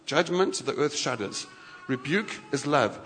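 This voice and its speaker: A man preaching a sermon in a lively, conversational way, often restarting his sentences. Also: on the high side, a little slow. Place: church hall. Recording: church hall reverb.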